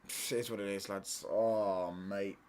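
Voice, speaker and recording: A man's voice: lowish voice, fairly even intonation, slow, darkish tone, slight background noise. A man, ranting in heavy slang and repeating himself as he hosts a live football watchalong stream.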